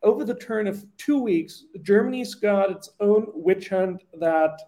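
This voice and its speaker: A man's voice: high voice, a little slow. A man from Austria co-hosting a political chat show, telling stories animatedly with lots of fillers and acted-out quotes. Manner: animated storytelling, acts out quotes, many fillers. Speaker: podcast co-host.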